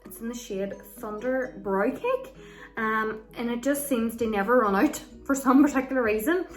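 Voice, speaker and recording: Chatty woman, higher voice. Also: normal speed, soft background music. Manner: chatty, loose, lots of ums and likes. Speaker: makeup vlogger. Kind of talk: casual makeup tutorial chat.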